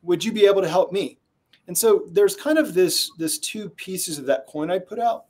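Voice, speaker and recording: A man's voice: high voice, normal speed. A man being interviewed as a sales trainer, telling stories and acting out the people he quotes. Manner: animated storyteller who acts out quotes. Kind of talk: conversational interview storytelling.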